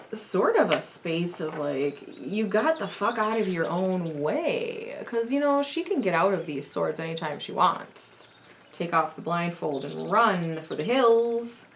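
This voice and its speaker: A woman's voice: medium pitch, slight background noise. A woman giving a casual tarot reading at home, chatty and sassy, with swearing. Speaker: tarot reader.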